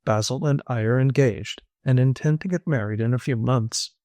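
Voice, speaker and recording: A man reading an audiobook, voicing a self-possessed young woman who speaks coolly and firmly, lifting his voice higher when she insists. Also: moderate pace, a little mellow, dry recording, close to an everyday voice. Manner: cool and firm, rises when insistent. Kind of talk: audiobook character voice.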